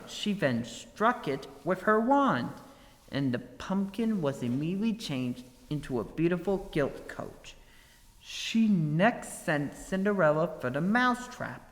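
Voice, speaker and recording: A man reading a fairy tale aloud as a storybook narrator, expressive and unhurried. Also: on the high side, long reverb tail, poor audio. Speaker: story reader.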